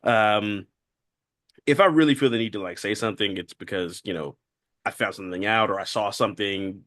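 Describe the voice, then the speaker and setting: Relaxed man telling stories, dry sound. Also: fairly low pitch, brisk, no room sound. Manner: relaxed, retells stories with quoted voices, laughs easily. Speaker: podcast co-host. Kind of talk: casual chat, storytelling.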